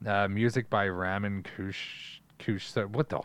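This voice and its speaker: A man's voice: on the low side, steady tone, measured pace, fairly bright tone, clear, resonant tone. A man co-hosting a casual podcast movie review, laid-back and often laughing as he reads credits and describes scenes. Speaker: podcast co-host.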